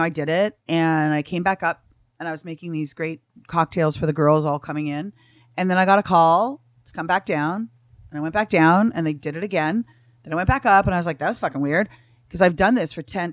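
A woman's voice: lowish voice, brisk, no room sound, studio quality. A middle-aged woman, a guest in a casual chat, telling a story bluntly with lots of swearing and acted-out dialogue.

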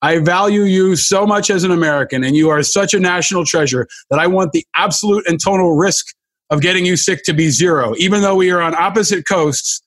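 Male podcast host, a touch high, effusive and halting, lots of restarts. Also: a bit bright. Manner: gushing, halting with many restarts. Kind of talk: effusive interview hosting.

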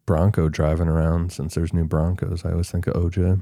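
A man's voice: deep voice, level tone, fairly quick, warm tone, no echo, studio quality. A man making brief remarks in casual chat.

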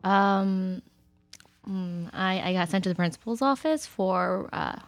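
A woman's voice: mid-range voice, a little slow, no room sound. A woman from Texas, a podcast guest, telling playful stories with lots of filler words. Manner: playful, animated storyteller with many fillers. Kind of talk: casual podcast interview.

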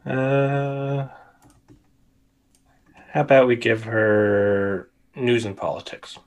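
A man's voice: medium pitch, little pitch movement, extremely slow. A man taking part in a casual trivia quiz, making offhand guesses. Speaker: quiz contestant. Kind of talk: casual quiz show banter.

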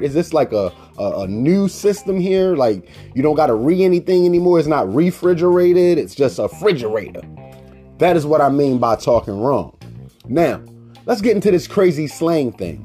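A man hosting a solo podcast, his voice sitting a little high for a man and swinging widely in pitch. He tells animated stories and rants in mock indignation, with faint guitar music playing beneath him. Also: normal speed. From Baltimore, Maryland. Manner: animated storytelling, acting out quoted people. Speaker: podcast host.

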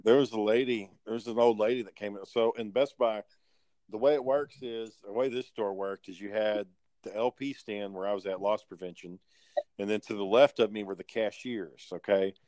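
A man telling work stories in casual chat, animated and profane, acting out the people in them. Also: on the low side, moderate pace, no echo.

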